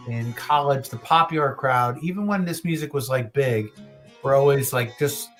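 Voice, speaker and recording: A late-thirties man co-hosts a casual podcast, rambling, swearing a lot, and restarting his sentences often. His voice sits at a medium pitch with a slightly bright quality.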